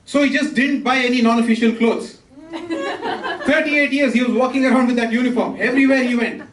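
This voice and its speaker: A man from India performing a stand-up comedy set, with brisk delivery and quick asides to the audience. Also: extremely high pitch. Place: comedy club stage with laughing audience. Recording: roomy, distant, with crowd laughter.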